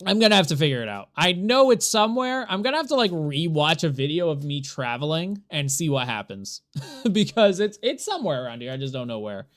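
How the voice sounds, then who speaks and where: A streamer talks to viewers during a live gameplay session, rambling, exasperated, and laughing often while playing. The voice is mid-range and sing-song, moving a little fast.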